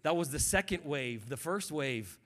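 A guest pastor's sermon: his voice is fairly high, his intonation lively, his speed normal. Quiet reflection gives way to shouted fervor, and he calls on the congregation to respond.

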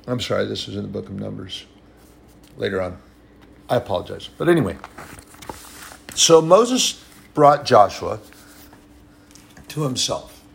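A man with a gravelly, fry-edged voice delivers a sermon in a loose, conversational manner. He circles back on his points, repeating phrases for emphasis, and stops now and then to correct himself. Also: fairly low pitch, expressive, unhurried, long pauses. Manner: conversational, repetitive and emphatic, with frequent restarts and apologies. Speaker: preacher.

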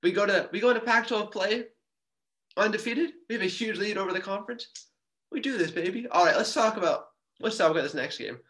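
Recapping a game on a casual sports podcast, a man with a bright, fairly high voice sounds close to the mic. He comes across as an excitable fan, tossing in jokey asides and speeding up in quick bursts.

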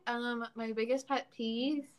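A woman's voice: on the high side, fairly even intonation, unhurried. A woman in casual podcast chat, hesitant and full of fillers. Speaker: podcast co-guest.

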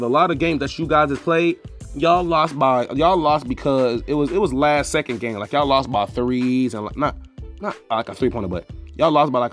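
A young man hosting a casual solo sports podcast, rambling and talking straight to teams as "y'all" with lots of restarts. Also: mid-range voice. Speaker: podcast host.

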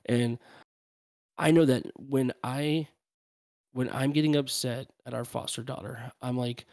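A man's voice: medium pitch, fairly even intonation, a little slow, gravelly, pauses often, darkish tone, no echo, clean studio sound. A man co-hosting a casual parenting podcast, playful and self-deprecating. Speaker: podcast co-host.

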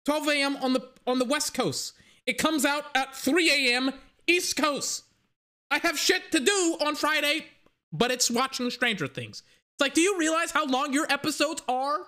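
A young man hosting a casual solo podcast, rambling excitedly and swearing casually. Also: very high voice, moderate pace. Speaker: podcast host.

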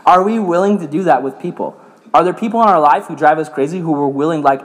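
A young man preaches to a youth group in a loose, chatty way, full of "like" and lively storytelling. His voice sits a bit high for a man. The sound carries the long echo of a big hall. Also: fast. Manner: animated storytelling, many filler "like"s. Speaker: youth pastor. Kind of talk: casual youth sermon. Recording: reverberant hall.

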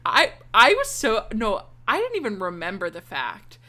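Bright excitable woman podcaster. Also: medium pitch. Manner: excitable, swearing, quick to laugh. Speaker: podcast co-host. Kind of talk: casual recap chat.

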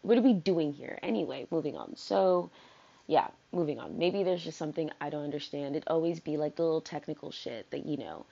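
A woman's voice: low-pitched, a little fast, gravelly, dark tone, highs cut off. A woman hosting her own solo podcast, talking casually in a rambling way with lots of fillers and free swearing. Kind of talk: casual unscripted podcast monologue.

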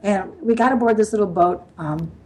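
An older Midwestern woman, a guest sailor on a podcast, spins stories in a loose, rambling way during a casual interview, laughing often and using lots of fillers. Her voice is medium-pitched and dark in tone, and she talks a little fast, though the audio quality is poor.

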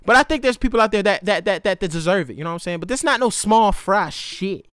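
A man's voice: high voice, a bit bright, dry recording, studio quality. A young man in a casual, profane, slang-heavy monologue, rambling as he gives blunt advice. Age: young adult. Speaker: vlogger.

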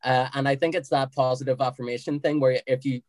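A young man telling a story in casual chat, relaxed and hesitant with many fillers. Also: medium pitch, fast, dry recording.

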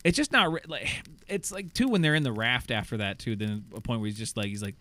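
A man casually recapping a movie plot on a podcast, rambling and animated, swearing and acting out lines of dialogue. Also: medium pitch, brisk. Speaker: podcast co-host.

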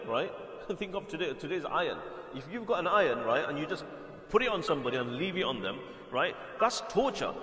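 In a hall with long, echoing reverb, a male Islamic preacher whose voice sits on the high side and sounds fairly bright narrates a religious story. His delivery is like a conversational lecture, with repeated words and frequent check-ins with the audience.

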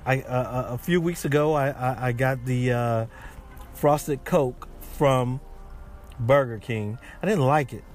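A man's voice: mid-range voice, slow pace, a little hiss or hum. A man hosting a casual podcast, chatting in a rambling way with many restarts. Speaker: podcast host. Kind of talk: casual chat.

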